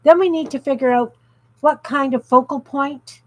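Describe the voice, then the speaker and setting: Her voice is high-pitched and moderately paced as this Canadian woman hosts a casual craft livestream from her home craft room. She reads viewer comments aloud while she works, in a low-quality recording.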